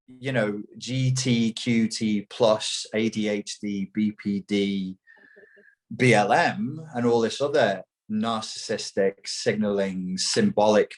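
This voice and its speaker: A man as an interview guest, talking emphatically and mockingly, with plenty of swearing. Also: fairly low pitch. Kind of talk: heated opinionated talk.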